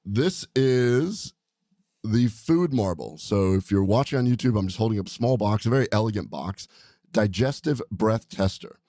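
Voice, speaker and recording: A man with a lowish voice hosts a casual podcast chat in a studio. He rambles along in an upbeat, excited way. The sound is close and dry. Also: moderate pace, no echo. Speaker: podcast host, doctor.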